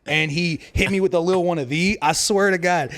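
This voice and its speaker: A man's voice: high-pitched, steady tone, fairly quick, fairly bright tone, slight background noise. A young man telling a rambling story in a casual podcast chat, laughing often. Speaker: podcast co-host.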